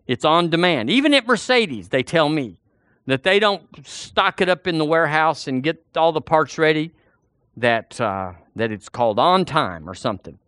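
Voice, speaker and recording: A preacher, a man whose pitch sits a little high and swings widely as he works up the congregation. He talks folksy and direct, circling back on his own words. The sound is close and dry. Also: moderate pace, dry recording. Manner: animated, folksy, repeats himself, addresses the congregation directly. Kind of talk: sermon.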